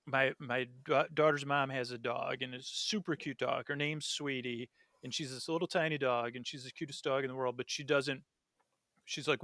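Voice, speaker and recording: Rambling, animated man telling a story. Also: medium pitch, vocal fry, no echo, studio quality. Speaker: podcast guest. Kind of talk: casual chat.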